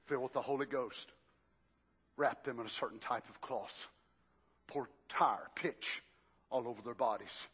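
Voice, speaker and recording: An older man preaching a sermon. He swings from shouted, drawn-out exclamations to hushed, low passages. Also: slightly rough, muffled recording.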